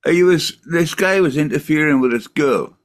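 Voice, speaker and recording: A man's voice: on the high side, normal speed. Laughing, swearing older man telling stories. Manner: storytelling, swears freely, laughs often. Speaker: custom skateboard maker, podcast co-host. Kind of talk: casual chat between friends.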